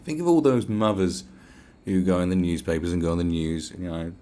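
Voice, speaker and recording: A man's voice: low-pitched, fairly quick, mellow. A man with a British accent hosting a podcast, ranting in a casual, profane, sarcastic way. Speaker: podcast host.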